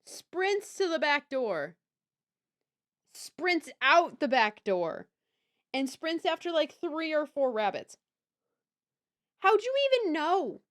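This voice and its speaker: Young woman streamer, high and lively voice, unhurried, bubbly chatter with squealy hellos. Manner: bubbly, swings from mumbling to squealing greetings. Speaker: livestreamer. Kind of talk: casual live stream chat.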